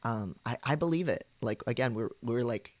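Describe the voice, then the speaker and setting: A man's voice: mid-range voice, animated, normal speed, dry recording. A man on a live stream, chatting casually and explaining voice technique, trying out different vocal registers.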